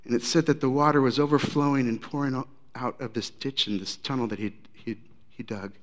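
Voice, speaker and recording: A man preaching a sermon in a conversational, animated storytelling way. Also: mid-range voice, fairly quick. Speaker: pastor.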